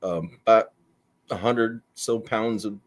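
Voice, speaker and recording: Slow, low-voiced joking man. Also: dry recording. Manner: joking, wry asides. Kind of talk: casual chat.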